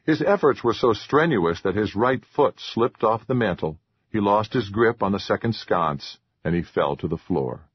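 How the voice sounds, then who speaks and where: A man narrating a horror audiobook in a measured, even way. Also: on the low side, slightly rough, no room sound. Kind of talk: scripted narration. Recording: dull lo-fi dry recording.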